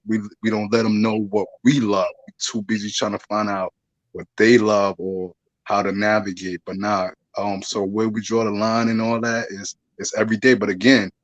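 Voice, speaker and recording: Low-voiced man giving relationship advice. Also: no room sound, low-quality recording. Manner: preachy, advice-giving, asks "you know what I'm saying". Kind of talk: casual podcast chat.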